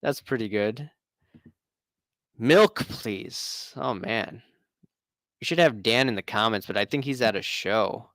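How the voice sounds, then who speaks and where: A man's voice: on the low side, slow, pauses often, fairly bright tone, dry recording. A man hosting a casual live stream, chatting and reading out viewer comments in a rambling way.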